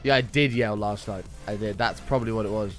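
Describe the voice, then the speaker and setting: A young man hosting a casual gaming live stream, greeting viewers by name and chatting with excitable bursts, his voice slightly rough. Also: fairly low pitch, fairly quick, soft background music.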